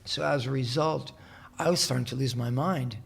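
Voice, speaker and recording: A man talking as a guest in a casual interview in a hotel room, telling a long story in a soft-spoken, meandering way with frequent restarts. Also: medium pitch, moderate pace, gravelly, husky. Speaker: musician guest.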